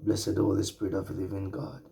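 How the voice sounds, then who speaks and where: A man from the Caribbean islands preaching an online sermon, slow and drawn out, repeating his phrases. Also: sits low, monotone, creaky, dark tone.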